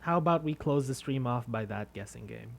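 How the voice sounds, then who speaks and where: A man's voice: mid-range voice, expressive, a little fast, gravelly, faint music behind. A man chatting casually with viewers on a live stream, rambling and self-deprecating. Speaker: VTuber streamer.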